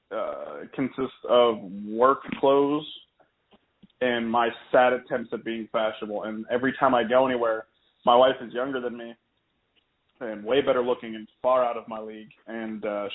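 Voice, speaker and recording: A man's voice: mid-range voice, moderate pace. A man co-hosting a podcast, rambling through casual anecdotes. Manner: rambling, animated, puts on voices in anecdotes. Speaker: podcast co-host. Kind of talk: casual chat. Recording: tinny phone-like line.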